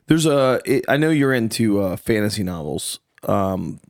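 A man co-hosting a podcast in casual chat, a playful joker with quick banter. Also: on the low side, expressive, no room sound, clean studio sound. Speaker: podcast co-host.

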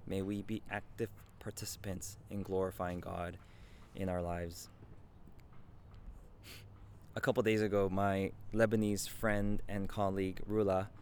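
A man with a slightly low voice preaches a sermon in an earnest, conversational way. He often checks in with his listeners with a quick "right?" and sounds like a man in his thirties. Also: little pitch movement, darkish tone, slight background noise. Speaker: pastor.

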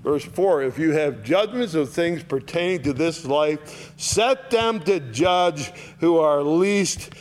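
A man teaching a Bible chapter verse by verse, reading lines and paraphrasing them in lively, pointed bursts, then dropping low for asides. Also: slow. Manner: animated, rising sharply to voice Paul's rebukes, dropping low for asides.

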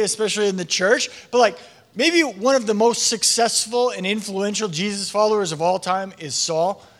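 A man preaching a sermon, telling a story with animated voices for the people in it. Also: high-pitched. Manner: animated storytelling, acting out quoted prayers. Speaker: pastor.

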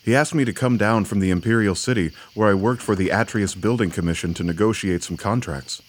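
A man's voice: lowish voice, fairly quick, a little hiss or hum, natural voice. An actor playing a nervous male clerk and bureaucrat who turns anxious and panicky in an audio drama. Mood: explaining. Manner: anxious, panicky when scared. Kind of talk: audio drama podcast acting.

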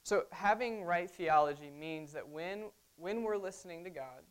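A woman's voice: on the low side, normal speed. A woman pastor preaching a sermon, conversational, often checking in with the congregation. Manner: conversational, frequent "right?" asides to the congregation.

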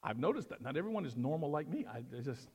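Middle-aged male pastor, high voice, teaching a verse-by-verse sermon; animated, with loud stresses and hushed asides. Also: fast, slightly rough. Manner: animated, swings from loud emphasis to quiet asides.

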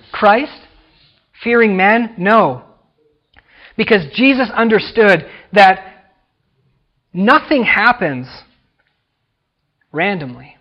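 High-voiced emphatic preacher, lo-fi recording. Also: male voice. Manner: emphatic preaching, rising and dropping to near-whisper. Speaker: pastor. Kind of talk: sermon.

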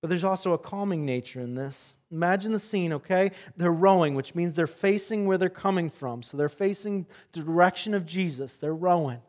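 A man preaching a sermon, telling a story with animation and swinging between loud and soft passages. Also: high-pitched, normal speed, few pauses. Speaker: pastor.

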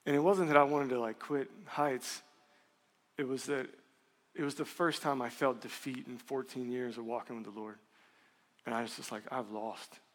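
Man, 30s, pastor, animated personal storytelling, candid tone, echoing church hall. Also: medium pitch, moderate pace. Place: church sanctuary. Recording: long reverb of a church hall.

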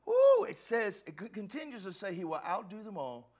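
A male pastor preaching a sermon, swinging from hushed, quiet lines to fervent shouts, often repeating words and restarting sentences. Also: high-pitched, very animated, normal speed.

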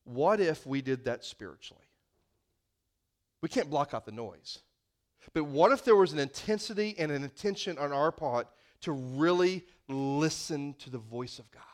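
A man's voice: fairly high pitch, lively intonation, normal speed. A male pastor preaching a sermon in a folksy, conversational manner.

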